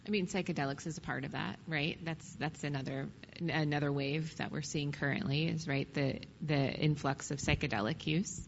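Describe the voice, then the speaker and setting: Low-voiced woman speaking reflectively. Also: steady tone, normal speed, gravelly, hardly any pauses. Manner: reflective, earnest. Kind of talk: casual conversational interview. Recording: dull sound, long reverb, faint noise.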